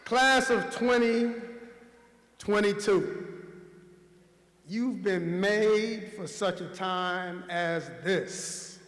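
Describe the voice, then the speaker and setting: A man's voice: sits high, very slow, pauses often, a bit bright. A man on staff at a school, giving a commencement speech with call-and-response chants and a rousing, preacher-like rhythm full of repetition. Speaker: school staff speaker at a graduation. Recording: echoey hall with long reverb.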